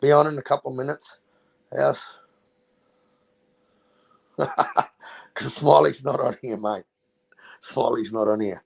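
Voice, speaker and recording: Gravelly Australian man hosting a stream. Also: medium pitch, slow pace, long pauses. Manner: loose, swearing, joking. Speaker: livestream host. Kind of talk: casual livestream chat.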